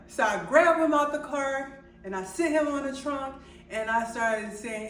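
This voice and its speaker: A young adult woman telling a personal story to her viewers in an animated way, laughing at herself and getting louder as she relives moments of panic. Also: on the high side, measured pace. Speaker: vlogger. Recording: echoey room, a bit far from the mic.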